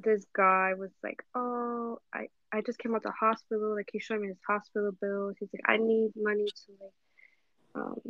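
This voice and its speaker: A young woman guest in casual chat, relaxed and quick to agree. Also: medium pitch, dry recording, muffled recording. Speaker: podcast guest.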